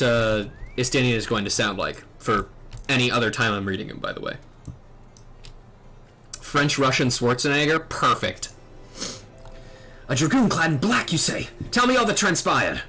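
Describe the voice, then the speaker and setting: A man's voice: medium pitch, bright, forceful tone. A man streaming a game, chatting casually with self-mocking, rambling asides. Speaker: streamer reading a game aloud. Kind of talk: casual gaming stream chat.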